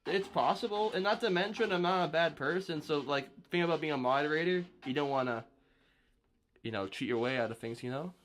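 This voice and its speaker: On a live stream, a young man pauses his drumming to chat loosely, his higher, fairly bright voice moving fairly quickly. The talk is rambling and filler-heavy, with easygoing slang.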